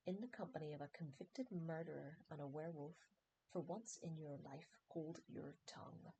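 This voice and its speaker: A woman's voice: low-pitched, fairly even intonation, moderate pace, dark tone, slight background noise, lightly acted, rough recording. A woman voicing a cold, vengeful male potions professor in an audiobook reading, sneering and menacing.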